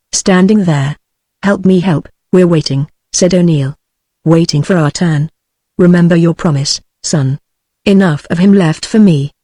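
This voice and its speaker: A text-to-speech voice of a woman with a British English accent, reading a novel aloud as an audiobook narrator in an even, steady delivery. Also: fairly low pitch, dry recording, studio quality.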